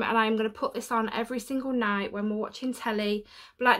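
A woman's voice: fairly high pitch, steady tone, fast, fairly bright tone. A woman chatting through a home unboxing vlog, emotional and tearful, laughing at herself. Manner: chatty, self-deprecating, emotional. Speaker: YouTuber. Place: home room.

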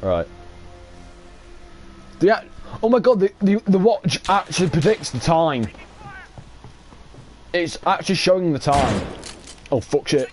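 A young man giving excitable, sweary live commentary while playing a shooter game. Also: fairly high pitch, a little slow, long pauses, noisy background. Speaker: gaming streamer.

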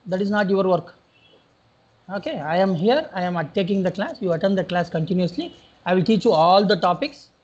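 A man's voice: sits high, lively intonation, a little fast, darkish tone, breathy edge, dull audio. A man with an Indian English accent teaching a class as a trainer, scolding and exasperated, repeating his questions again and again. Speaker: technical trainer. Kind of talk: classroom lecture.

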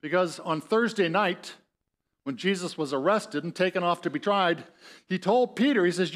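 A male pastor preaching in a church, his voice pitched a little high for a man. He tells the story conversationally, speeding up and slowing down and acting out the voices of the people in it. A light Upper Midwest American accent colors his speech. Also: animated, fairly bright tone. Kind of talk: sermon. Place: church sanctuary.

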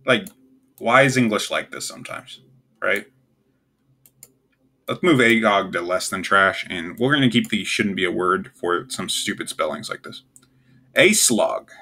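Young male host, low and gravelly, casual and wry, thinks out loud. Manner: offhand, puzzled, wry asides. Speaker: tier list video host. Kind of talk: casual solo commentary.

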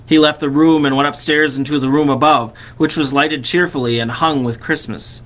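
A man, a vicar, reading a classic story aloud expressively and slowing on key phrases. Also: fairly high pitch, fairly even intonation, a bit bright.

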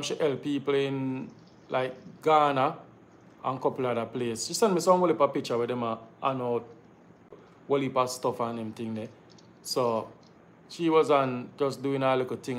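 A Jamaican man hosting a live stream, chatting casually in patois and telling stories to his viewers. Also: medium pitch. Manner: animated storytelling in patois, addresses viewers as guys. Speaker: live show host.

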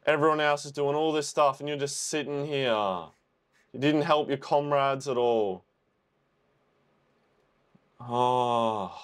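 A young man reacting to a war film for the first time, swearing and shouting at the screen. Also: medium pitch, fairly even intonation, slow, pauses often, smooth. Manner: emotional, swearing, exclaims at the screen. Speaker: reaction video host.

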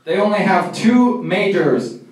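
A young man performing stand-up comedy and emceeing a college show, animated and loud in his bits. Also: high-pitched, a little slow. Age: young adult. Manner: animated, shouts during acted-out bits. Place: college comedy club room. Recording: echoey room, mic far off, crowd and noise.

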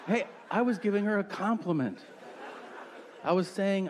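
Guy doing raunchy standup, deadpan, acts out the quotes, faint room hum behind. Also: fairly high pitch, a little slow, pauses often. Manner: brash, crude, deadpan storytelling with acted-out quotes. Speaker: stand-up comedian. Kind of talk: stand-up comedy set. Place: comedy theater stage with live audience.

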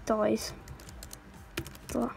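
A woman's voice: very slow, a little mellow, slight background noise. A woman hosting a casual game commentary, giggling, teasing and chattering playfully to the characters on screen. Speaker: gaming channel host.

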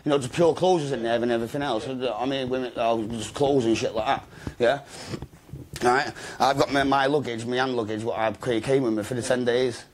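A man telling his story in an interview, rapid and slangy, swearing and calling everyone mate and bro. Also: medium pitch, steady tone, a little hiss or hum.

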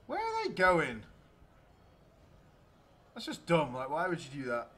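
Excitable young man with a lively voice. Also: on the high side, a little slow. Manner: excitable, chatty, talks to the game units. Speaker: let's play gamer. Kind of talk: gameplay commentary.

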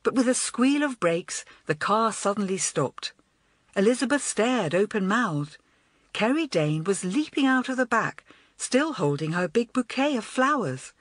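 A woman narrates a children's storybook with lively, rising and falling delivery. She reads expressively at a middle pitch. The recording is close and dry. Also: measured pace, no echo. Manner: expressive, animated. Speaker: audiobook narrator.

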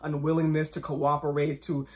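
Emphatic low-voiced woman telling her story. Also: level tone, normal speed, darkish tone. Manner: emphatic, repeats phrases for effect. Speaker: fashion blog founder and host. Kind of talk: personal storytelling to camera.

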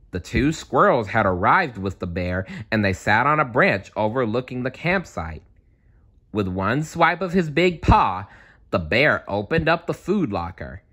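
A man reading a children's bedtime story aloud in a calm, measured way. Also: mid-range voice. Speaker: storybook reader.

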